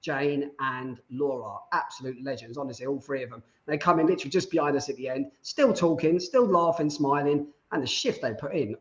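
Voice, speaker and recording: A man's voice: medium pitch, brisk, hardly any pauses, highs cut off. A man co-hosting a casual podcast chat, telling stories with enthusiasm. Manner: enthusiastic storyteller. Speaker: podcast co-host.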